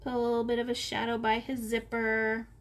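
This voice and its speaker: Delivering her words completely flat and a little fast, a middle-aged woman with a slightly high voice teaches coloring from her home office. The tutorial is relaxed, with unhurried chat and step-by-step guidance.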